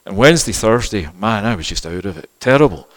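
A middle-aged male pastor giving a sermon, moving from quiet conversational asides to loud, fervent preaching. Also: fairly low pitch, expressive, fast. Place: church. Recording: reverberant church hall.

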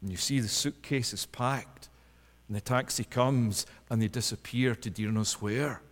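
A man preaching a sermon, swinging between loud pleading cries and low, soft passages. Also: unhurried. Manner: rises to impassioned, loud pleading then drops low and soft. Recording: long hall reverb.

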